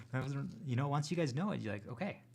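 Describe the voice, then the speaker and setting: A man hosting his own channel, talking to viewers in an earnest, rambling, unscripted monologue full of restarts, sometimes dropping to a hushed whisper. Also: mid-range voice, animated, fairly quick, gravelly, a little hiss or hum. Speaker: channel host.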